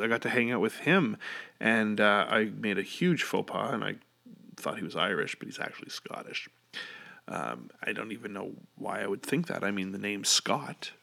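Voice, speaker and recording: A man's voice: lowish voice, gravelly, fairly bright tone. A middle-aged man telling stories in a casual, rambling monologue, swearing freely and full of fillers and restarts. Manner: rambling, profane and enthusiastic, many fillers.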